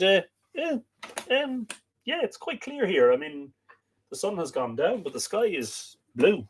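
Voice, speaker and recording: A man with an Irish accent chats easily on his livestream, working through viewer comments one by one. He greets each person, adds small remarks, and often pauses on fillers as he goes. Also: a little high. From Ireland. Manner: chatty, reads out names and greetings with frequent fillers. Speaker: livestream host. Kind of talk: casual livestream chat, reading viewer comments. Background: dog barking at times.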